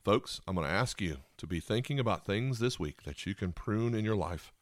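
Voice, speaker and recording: A man's voice: lowish voice, lively intonation, normal speed, no echo, studio quality. A man preaching a sermon as pastor, repeating key lines and asking listeners rhetorical questions.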